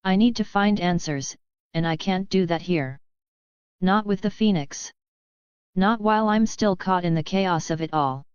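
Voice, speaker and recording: A woman voicing a resolute but grieving young heroine who speaks softly. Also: on the low side, unhurried, clear, resonant tone, no room sound, natural voice. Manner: soft, trembling. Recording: dull, dry sound.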